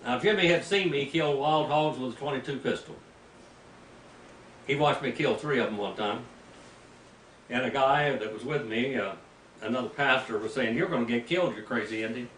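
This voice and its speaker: An older man, a pastor, preaching a sermon as an animated, folksy story with sudden loud bursts. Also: medium pitch, moderate pace, long pauses. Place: mission field, preaching to a group. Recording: roomy, distant mic with faint ambient noise.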